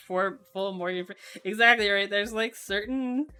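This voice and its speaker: A young woman streaming, chatting casually while she builds a keyboard, in a voice she calls monotone and with frequent laughter. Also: mid-range voice, measured pace, smooth, soft background music. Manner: self-described monotone voice, laughs often.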